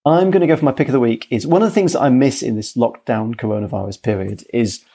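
A man's voice: medium pitch, fast, dark tone, slightly rough. A man co-hosting a podcast, enthusiastically explaining things in casual chat. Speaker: podcast co-host.

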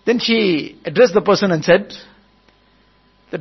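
A man's voice: high-pitched, unhurried, long pauses, husky, dull audio. A man preaching at a wedding gathering, telling a story and repeating each point several times. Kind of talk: storytelling sermon.

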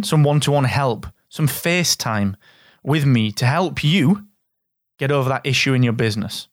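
A middle-aged man with a Northern English accent, hosting a solo business podcast in an energetic, straight-talking, jokey way. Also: mid-range voice, no echo, clean studio sound. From Northern England. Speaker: podcast host.

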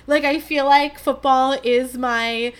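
A woman's voice: high-pitched, steady tone, slow, smooth. A young woman hosting a podcast, talking in a rambling, dramatic and self-mocking way. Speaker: podcast host. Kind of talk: casual chat.

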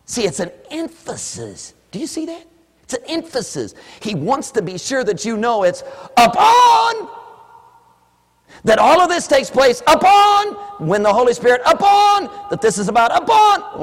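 Brief: male preacher, high-pitched and animated, playful, sermon in a reverberant hall. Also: moderate pace. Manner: animated, swinging from hushed asides to shouts; playful, acts out imagined listeners.

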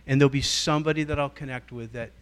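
A middle-aged man, guest teaching at a church gathering, speaks fast with a clear, resonant, medium-pitched voice. His storytelling is lively and animated, and he acts out quoted voices and shifts his delivery as he goes.

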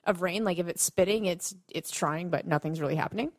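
A woman's voice: lowish voice, fairly quick. A woman, hosting a casual podcast interview and laughing along. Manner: friendly, laughing, informal. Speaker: podcast host.

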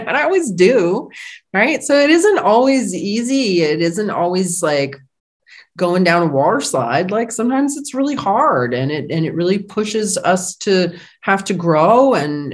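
A middle-aged woman being interviewed as an author, talking casually and laughing often as she acts out her own past remarks. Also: fairly low pitch. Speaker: guest, author and sound researcher.

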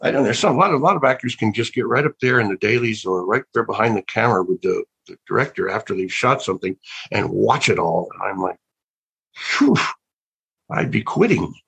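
Gravelly older man telling rambling stories. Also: fairly low pitch, fast talker, fairly bright tone, rough recording. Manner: rambling, with many restarts and trailing thoughts; wondering, reflective. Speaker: actor and guest. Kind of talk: casual interview storytelling.

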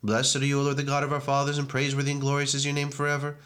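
A man reads liturgical prayers in a rapid, unbroken monotone. His pitch barely moves, and he keeps the words flowing quickly from line to line. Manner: brisk monotone recitation. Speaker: reader of prayers. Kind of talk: liturgical reading.

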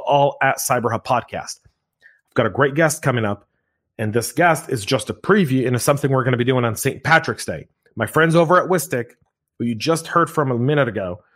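A man hosting a podcast in an upbeat, joking way. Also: mid-range voice. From United States. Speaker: podcast host.

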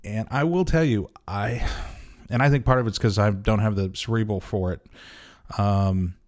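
A man's voice: lowish voice, normal speed, darkish tone. A man co-hosting a podcast in casual chat, rambling and hesitant with many restarts, laughing easily. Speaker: podcast co-host.

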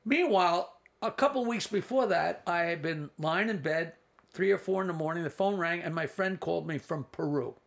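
A man's voice: fairly high pitch, normal speed, vocal fry, fairly bright tone. A man in his sixties, a comedian, telling rambling anecdotes with asides and restarts in a casual interview. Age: 60s. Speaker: comedian guest.

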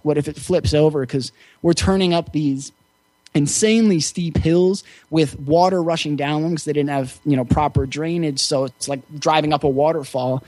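Male interview guest, fairly high voice, easygoing and reflective storyteller, close dry recording. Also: darkish tone, no echo. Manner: reflective, easygoing, with frequent fillers. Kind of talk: casual storytelling.

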